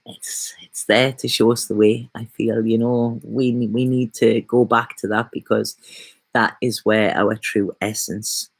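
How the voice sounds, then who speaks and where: A woman reading tarot cards for her vlog, talking in a soft, gentle, rambling way that often turns emotional. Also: very deep voice, fairly even intonation, unhurried, gravelly, breathy edge, no room sound. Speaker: tarot reader. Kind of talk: casual spiritual vlog chat. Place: at home in bed.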